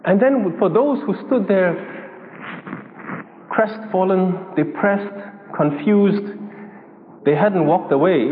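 A man with a high voice preaches slowly and deliberately, repeating his key phrases. The recording sounds thin like a phone line, with a long hall reverb and faint room noise behind him. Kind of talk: sermon.

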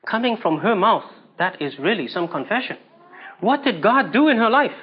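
A man's voice: high-pitched, big pitch swings, normal speed, husky, dull audio. A man preaching a sermon, telling a story emphatically and asking rhetorical questions.

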